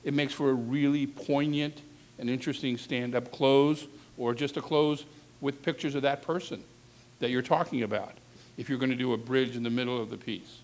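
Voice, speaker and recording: A man's voice: medium pitch, steady tone, normal speed. Frank male talent coach teaching. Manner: candid, conversational, frank asides. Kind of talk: instructive classroom talk. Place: university classroom session.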